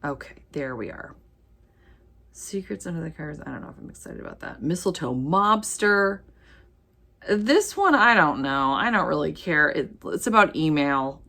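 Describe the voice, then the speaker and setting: A woman chatting casually as a book vlogger, reading ebook titles aloud with quick, animated asides. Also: low voice. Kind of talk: casual chat while sorting ebooks.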